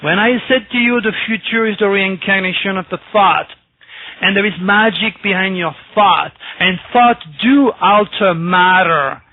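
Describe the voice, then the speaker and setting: A man's voice: high voice, dry recording. A man from France, an astrologer guest telling a personal story on a radio interview, emphatic and repeating his words. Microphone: telephone. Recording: tinny phone line, dry.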